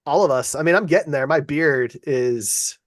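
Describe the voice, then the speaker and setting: A man's voice: on the high side, moderate pace, no room sound, studio quality. A man co-hosting a podcast in casual chat, agreeable and chatty, often adding film trivia. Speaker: podcast co-host.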